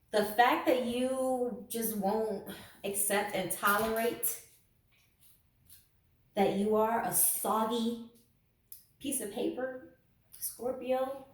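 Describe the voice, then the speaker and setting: A woman giving a casual tarot reading to camera, sarcastic and laughing often. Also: on the high side. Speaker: tarot reader. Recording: echoey room, mic at a distance.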